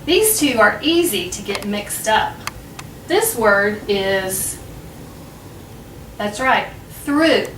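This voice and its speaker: A woman with an American accent teaching English pronunciation as host, patiently and clearly, lifting her voice on key words. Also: medium pitch, animated, takes it slowly, pauses often, fairly bright tone, reverberant, distant mic, slight background noise, low-quality recording. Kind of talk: slow, clear teaching narration.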